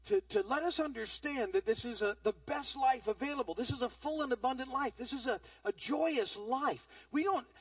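A male pastor preaches in an earnest, conversational way, often restarting his phrases. His voice sits very high and sounds husky, with lively swings in pitch. The sound is dry and picked up from some distance. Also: dry recording. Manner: earnest, repeats words when starting phrases. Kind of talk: sermon.

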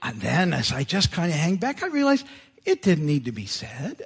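Animated husky-voiced male pastor. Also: on the high side, normal speed. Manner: conversational, animated, laughs at himself. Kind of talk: sermon. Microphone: live sermon mic. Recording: church service audio.

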